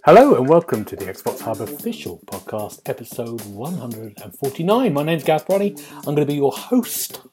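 A man hosting a casual podcast, playful and quick to laugh, trying out a mock-grand presenting voice. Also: medium pitch, very animated, darkish tone, faint music behind. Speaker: podcast host.

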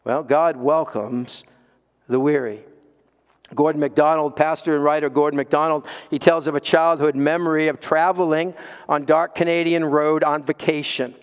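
A man preaching a sermon as pastor, emphatic, with dramatic pauses and repeated words. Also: on the high side, fairly even intonation, big-room sound.

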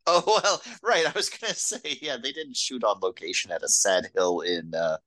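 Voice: deep voice, huge pitch swings, sharp tone. Cohost making dry jokes about a movie, voice swings around a lot. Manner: quick wry interjections, casual swearing. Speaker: podcast co-host. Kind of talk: casual movie discussion.

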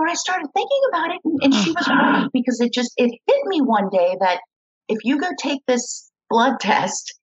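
Middle-aged woman guest, breathy tone, animated storyteller who voices the people she quotes; muffled lo-fi sound. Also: fairly high pitch. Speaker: guest, kidney donor. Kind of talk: storytelling interview.

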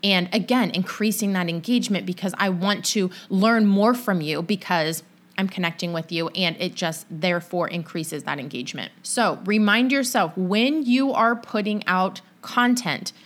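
A young adult woman, a business coach, giving casual solo podcast advice in a chatty, animated storytelling way full of "like". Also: medium pitch, unhurried.

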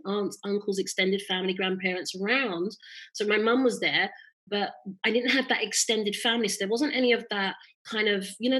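Bright, husky woman storyteller. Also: medium pitch, low-quality recording. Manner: animated storyteller, laughs often, acts out quotes. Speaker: interview guest, mother of three. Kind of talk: casual interview chat.

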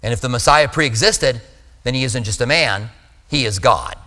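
A man's voice: medium pitch, moderate pace, sharp tone, big-room sound. A man preaching a sermon in a conversational way, with asides and self-corrections. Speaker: pastor. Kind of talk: sermon teaching.

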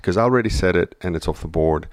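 A man's voice: low voice, quick pace. A man hosting a podcast, chatting casually and teasing his co-hosts with jokes. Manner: joking, teasing. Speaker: podcast host. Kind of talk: casual chat.

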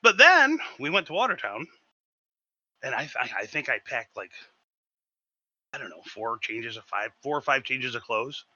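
A man on a podcast telling a story in casual chat, animated and swearing freely. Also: medium pitch, normal speed, pauses often, dull audio. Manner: animated, swearing, acts out shouted quotes. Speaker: podcast co-host.

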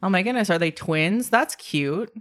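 A woman's voice: mid-range voice, expressive, moderate pace, a bit bright. A woman running a tabletop game, narrating casually with many fillers. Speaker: game master.

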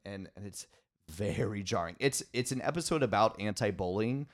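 A man co-hosting a podcast, retelling a cartoon episode in an excitable, laughing way. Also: fairly low pitch, a little fast. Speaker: podcast co-host. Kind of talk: casual chat.

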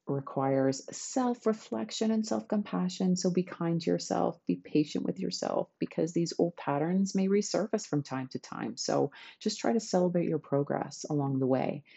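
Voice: mid-range voice, normal speed, vocal fry, few pauses, dark tone, husky, lo-fi sound. A podcast host giving a chatty, enthusiastic self-help talk to listeners.

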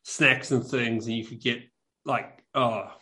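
A man's voice: medium pitch, steady tone, measured pace, pushed and bright. A man with a New Zealand accent co-hosting a podcast, telling a rambling story full of fillers and restarts. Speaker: podcast co-host. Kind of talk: casual chat.

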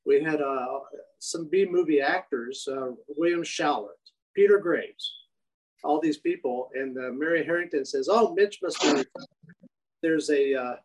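Male interview guest, chatty anecdote teller, higher-pitched voice. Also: measured pace, poor audio. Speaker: show creator guest. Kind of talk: casual interview storytelling.

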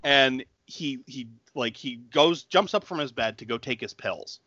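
A man's voice: mid-range voice, a little slow, bright, forceful tone, breathy edge, no echo, lo-fi sound. A man in his thirties casually recapping a film scene by scene, laughing and acting out the characters' lines. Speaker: podcast co-host. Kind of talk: casual movie recap chat.

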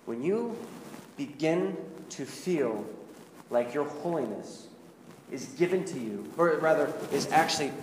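A man's voice: fairly high pitch, expressive, a little slow. A male pastor giving a conversational, confessional sermon and putting rhetorical questions to his congregation. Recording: echoey hall with background noise.

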